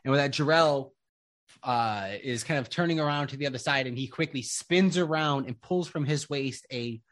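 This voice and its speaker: A man narrating a tabletop game as game master, describing scenes slowly with lots of fillers. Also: mid-range voice, fairly bright tone. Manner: slow, descriptive, rambling with fillers.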